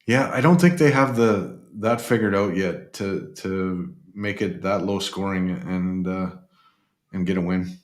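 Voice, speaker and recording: A man co-hosting a casual sports podcast, talking in a relaxed way with frequent restarts. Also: deep voice, a little slow. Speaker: podcast co-host.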